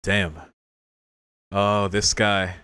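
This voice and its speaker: A man's voice: on the low side, level tone, very slow, bright, forceful tone, smooth, no echo. A man reacting aloud to a show episode in casual commentary, exclaiming, swearing often and talking back at the characters on screen. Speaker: reaction video creator.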